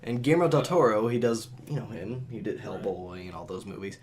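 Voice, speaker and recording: A man co-hosting a casual podcast, excitable and rambling, laughing often. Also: fairly low pitch, brisk. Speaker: podcast co-host. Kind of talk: casual chat.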